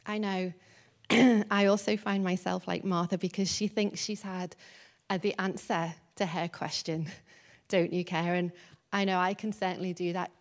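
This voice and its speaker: A woman's voice: lowish voice, fairly even intonation, normal speed. A woman preaching a conversational sermon, often laughing lightly and acting out the lines she quotes.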